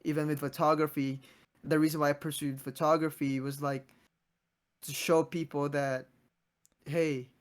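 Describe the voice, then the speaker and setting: A man's voice: fairly high pitch, level tone, moderate pace, pauses often. A man in his twenties hosting a casual podcast, talking earnestly and motivationally, often restarting his sentences. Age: 20s. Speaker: podcast host.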